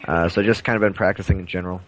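A man's voice: sits low, fairly even intonation, racing. A man guest at a LAN center, answering in terse, matter-of-fact casual chat. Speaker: guest player.

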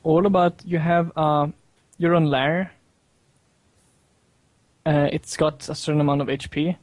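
A man in a casual gaming chat, talking haltingly with many fillers and restarts. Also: a little high, steady tone, dry recording.

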